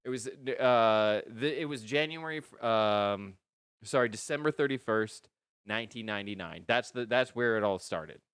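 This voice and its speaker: A man with a Canadian accent, co-hosting a stream and spinning an absurd, stop-start tall tale in a deadpan way. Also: on the low side, moderate pace, clean tone, no echo, clean studio sound. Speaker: co-host. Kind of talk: absurd improvised storytelling, casual chat.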